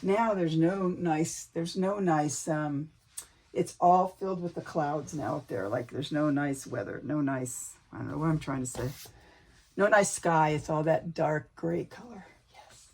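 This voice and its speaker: A woman's voice: low-pitched, a little slow, a little mellow, husky. A woman chatting casually to viewers as she works on a craft project at home, talking to herself and sometimes dropping to a whisper. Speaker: crafting vlogger.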